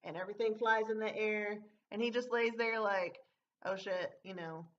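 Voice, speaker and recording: A woman's voice: medium pitch, normal speed, fairly bright tone, slight background noise. A young woman telling a story from her old job in a casual, rambling way, with many fillers and some swearing. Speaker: vlogger. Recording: dull lo-fi audio.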